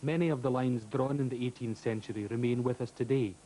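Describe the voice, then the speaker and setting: A man with a Scottish accent presenting a radio documentary in a measured, scripted style. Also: medium pitch, fairly even intonation, warm tone, a little hiss or hum, low-quality recording.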